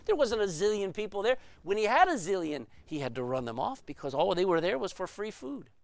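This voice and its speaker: A male pastor delivers an emphatic sermon, firing off rhetorical questions to his congregation. His voice sits a little high and swings widely in pitch, and the sound is dry and close with no room echo. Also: big pitch swings, moderate pace, vocal fry.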